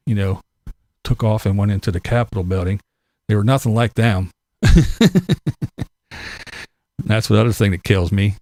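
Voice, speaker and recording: A man's voice: fairly low pitch, steady tone, moderate pace, long pauses, a little mellow, no room sound. A middle-aged man from Pennsylvania giving a blunt, profane opinion monologue, laughing between his points. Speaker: vlogger.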